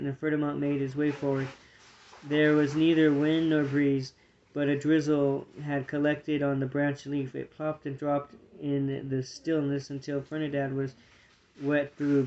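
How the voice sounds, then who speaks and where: A man's voice: fairly high pitch, a little hiss or hum. Man reading a storybook aloud, lo-fi. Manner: steady, plain reading with small slips. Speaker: parent reading to his children.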